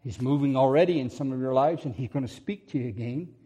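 A man's voice: medium pitch, quick pace, breathy edge. Man preaching a storytelling sermon. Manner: storytelling with laughs and acted-out quotes, swinging from loud to quiet.

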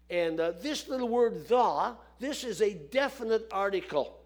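High-pitched guy preaching a sermon, homey style, says things twice. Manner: folksy, repeats phrases for emphasis.

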